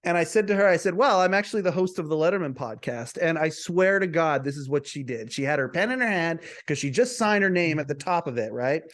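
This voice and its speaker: Podcast host guy telling a story to camera, kinda high voice, lots of restarts. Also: animated, brisk, hardly any pauses. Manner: chatty, repeats words and restarts often.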